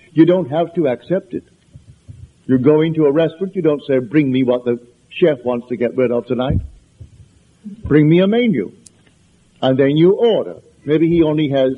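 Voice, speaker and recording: A man's voice: on the high side, slightly rough. A man with an accent giving a spiritual lecture, conversational and anecdotal, with emphatic repetitions. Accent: foreign accent. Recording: tinny lo-fi lecture recording.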